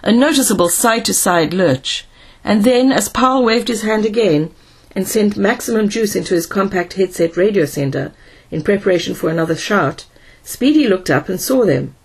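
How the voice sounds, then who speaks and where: A woman reading a science fiction story aloud in a measured, even narration. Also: medium pitch, slightly rough. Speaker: audiobook narrator. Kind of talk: scripted narration.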